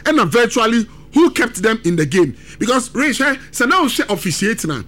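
A man breaks down a football match as a pundit, his voice pitched high and swinging up and down with lively emphasis. He talks emphatically, switching between languages mid-sentence. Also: moderate pace, hardly any pauses, soft background music. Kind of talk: sports analysis on radio talk show, mixing Twi and English.

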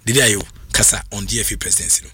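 A man giving animated, excitable sports commentary as a radio host, switching between languages and laughing often. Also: on the low side, very fast, background noise.

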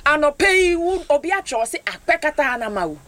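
A woman hosting a radio morning devotion, urging listeners to give thanks in an animated, exhorting way while switching languages. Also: sits high, moderate pace.

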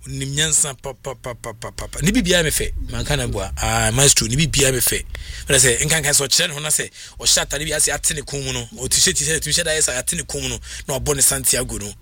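A man with a Ghanaian accent presenting football talk on radio, animated, switching between languages. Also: mid-range voice, fast. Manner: animated, mixing languages, frequent laughs. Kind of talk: radio sports commentary.

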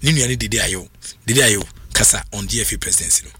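A man with a Ghanaian accent talking football as a radio pundit, excitable and rambling, laughing often. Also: fairly low pitch, fast talker, noisy background. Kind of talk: casual radio talk.

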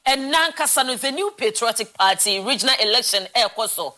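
Brisk Ghanaian woman host. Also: fairly high pitch, animated, pushed and bright. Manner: brisk, mixing Twi and English. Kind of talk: talk show hosting and news bulletin.

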